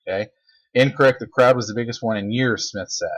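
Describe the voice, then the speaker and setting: A man teaching grammar in a recorded video lecture, lively and joking, with exasperated asides. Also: mid-range voice, fairly quick. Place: at a desk. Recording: dull lo-fi recording.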